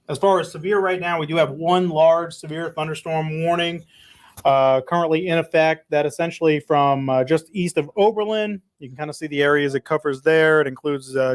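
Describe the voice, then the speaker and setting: A slightly hoarse man, a meteorologist, giving a relaxed, conversational live weather briefing and answering viewer reports. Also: on the high side. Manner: relaxed, conversational, plenty of filler words. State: hoarse, losing his voice.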